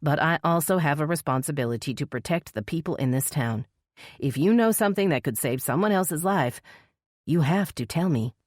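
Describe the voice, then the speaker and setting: A woman's voice: normal speed, no room sound, studio quality. A woman voicing a determined female police officer in an audiobook, speaking earnestly and soothingly. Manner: earnest, steady, low and soothing.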